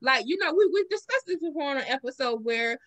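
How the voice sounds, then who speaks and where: A woman with a Southern accent hosts a casual podcast chat, telling stories with lively acted-out quotes. Her voice sits high and sounds bright and forward. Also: quick pace. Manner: animated storytelling, acts out quotes with big pitch jumps. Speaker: podcast host.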